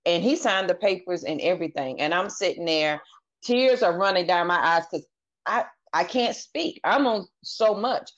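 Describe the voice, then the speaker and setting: With a fairly low, animated voice at a moderate pace, a woman shares her personal story as a podcast guest. She is earnest and candid, retelling other people's words in her own voice, and the recording sounds dull and lo-fi.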